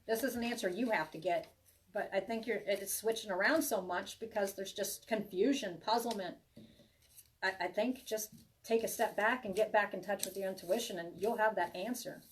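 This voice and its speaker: A woman's voice: mid-range voice, moderate pace, far from the mic, slight background noise. A woman giving a live tarot reading to viewers, chatty and reassuring, rambling with many restarts. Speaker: tarot reader.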